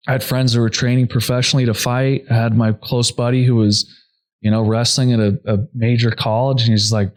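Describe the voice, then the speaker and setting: A young adult man, a podcast guest, earnestly telling a personal story at a quick clip, full of "like" fillers. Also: medium pitch, flat delivery. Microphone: podcast microphone.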